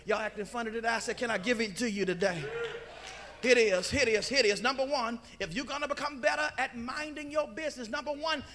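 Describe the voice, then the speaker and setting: A male pastor, preaching a sermon in a church and calling out to the congregation, slipping into sung and shouted phrases. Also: very high-pitched, a little hiss or hum. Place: church sanctuary.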